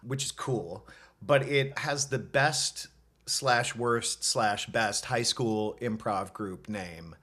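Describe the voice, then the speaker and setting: A man's voice: fairly low pitch, takes it slowly, pushed and bright. A man, a guest improv performer, chatting casually in an interview with an easygoing, rambling manner.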